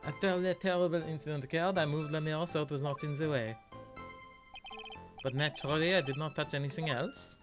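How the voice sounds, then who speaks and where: A man's voice: a little high, fairly even intonation, brisk, close to an everyday voice. A man voicing a theatrical French male chef with a put-on French accent over game music. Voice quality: exaggerated French words, swearing asides.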